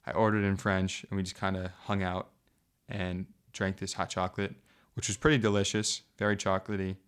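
A young American man co-hosting a podcast, chatting casually in a relaxed, rambling way full of "like". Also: deep voice, fairly quick, clean tone. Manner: relaxed, rambling, heavy use of "like". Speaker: podcast co-host. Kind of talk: casual chat.

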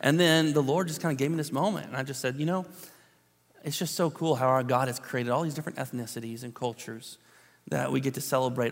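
Chatty male pastor in a reverberant hall. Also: medium pitch. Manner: conversational storytelling with frequent fillers and restarts. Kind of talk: sermon.

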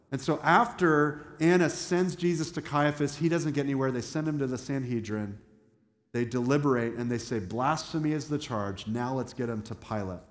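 A man preaching a sermon as a pastor, talking conversationally and asking the congregation questions. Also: mid-range voice. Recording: echoey hall with long reverb.

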